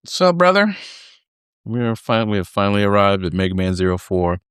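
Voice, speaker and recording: A man co-hosts a gaming podcast in loose, joking chat, with a fairly low voice. He swears freely and laughs often. The recording is dry and close, with no room sound. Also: steady tone, fast talker, smooth, dry recording. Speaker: podcast co-host.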